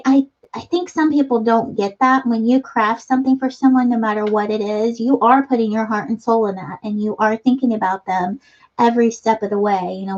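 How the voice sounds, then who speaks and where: Woman, middle-aged, fairly high voice, chatty craft stream host, reads comments aloud, dull lo-fi audio. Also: a little mellow. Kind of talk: casual chat reading viewer comments.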